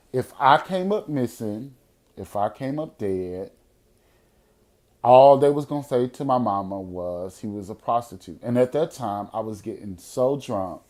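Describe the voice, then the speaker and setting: A man hosting a podcast, telling a story in a casual, profane way, swinging from loud outbursts to hushed moments. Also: medium pitch. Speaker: podcast host.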